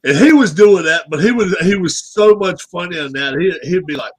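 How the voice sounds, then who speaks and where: A man with a notably high voice, chatting casually. He retells a comedy routine and voices the characters along the way. He laughs easily. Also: lively intonation, brisk, hardly any pauses, husky, poor audio.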